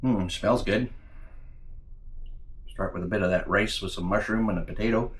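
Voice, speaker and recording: In a laid-back cooking video, a man with a lowish voice speaks at a moderate pace, addressing his audience as guys. He keeps talking while sampling the dish, humming mm with satisfaction.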